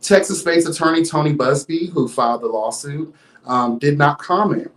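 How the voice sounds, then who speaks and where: A flamboyant man dishes on celebrity news with sass and running commentary. His voice sits a little high, and the recording carries the echo of the room he is in. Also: moderate pace, fairly bright tone. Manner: sassy and flamboyant, peppered with interjections; reads news aloud with commentary. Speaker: host. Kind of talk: livestream gossip commentary.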